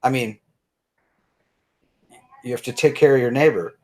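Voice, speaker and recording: A man's voice: medium pitch, unhurried, a little mellow. A man appearing as a guest, reflectively discussing his faith and repeating words as he searches for them.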